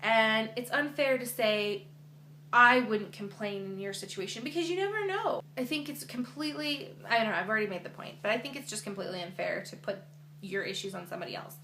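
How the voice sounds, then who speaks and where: A woman's voice: fairly high pitch, lively intonation, fast, a bit bright. A young woman vlogger chatting earnestly to her camera, with lots of fillers. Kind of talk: casual chat to camera. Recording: echoey room with faint hum.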